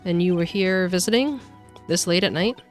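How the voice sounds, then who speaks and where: An earnest young lawyer who asks his questions slowly and gently, read by a woman on a game stream. The voice sits fairly low for a woman. Faint music plays quietly behind it. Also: lightly acted. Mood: calm. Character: young male defense lawyer, calm and earnest.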